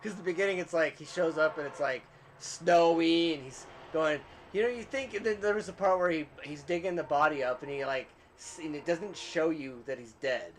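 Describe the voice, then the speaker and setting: A man's voice: a little high, normal speed, a little hiss or hum. A man hosting a casual podcast, chatty, telling stories and laughing often. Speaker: podcast host. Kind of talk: casual chat.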